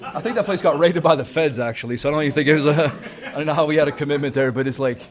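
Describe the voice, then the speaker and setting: Crowd noise surrounds a man speaking rapid-fire in a voice on the high side as he gives a recovery talk at a banquet. Aged somewhere in his thirties or forties, he's open and casual with the audience, leaning on "dude" and "man" and swearing now and then.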